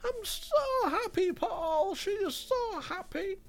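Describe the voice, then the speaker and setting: A tearful older dad with a thin, quavering falsetto, pitched far above his speaker's own voice. He sounds choked up and a little whiny. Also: big pitch swings, fairly quick, faint music behind, full character voice. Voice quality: high strained falsetto.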